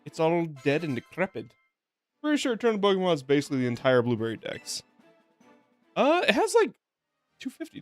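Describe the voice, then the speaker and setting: A hoarse young man chatting casually while streaming a video game, rambling, joking at himself and laughing often. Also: medium pitch, fairly bright tone. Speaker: VTuber streamer. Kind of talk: casual gameplay stream chat.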